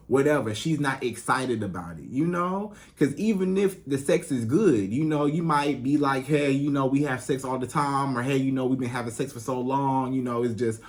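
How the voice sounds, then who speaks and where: A man's voice: mid-range voice, darkish tone. A man working as a relationship coach, giving casual advice straight to his female viewers in a loose, chatty way full of "you know". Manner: addresses female viewers directly. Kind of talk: casual advice monologue to camera.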